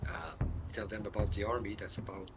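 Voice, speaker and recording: A man's voice: on the low side, steady tone, a little fast, noisy background. A man playing a tabletop role-playing game, chipping in short, casual remarks. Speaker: player.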